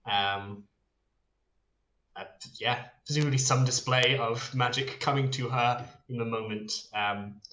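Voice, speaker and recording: Male DM, bright and casual, lots of ums, roomy echoey sound. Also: medium pitch, a little slow. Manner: relaxed, hesitant narration with many fillers. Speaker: dungeon master. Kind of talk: narrating a tabletop game.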